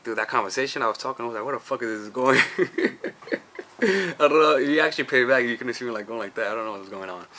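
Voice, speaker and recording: Rambling man, bright voice. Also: mid-range voice. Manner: rambling, restarts often, frequent "all right?" and "you see". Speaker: dating coach. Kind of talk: casual advice monologue.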